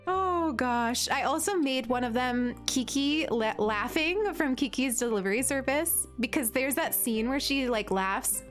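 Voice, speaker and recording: Her voice sits high with lively intonation as she streams, gushing and chatting casually while playing and filling her speech with "like." She keeps a measured pace with few pauses, and faint music plays behind her.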